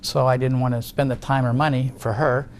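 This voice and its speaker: A middle-aged man gives testimony as a witness in a legal deposition, guarded and insistent, often restarting his sentences. His voice is medium-pitched and level, his pace brisk, with slight background noise.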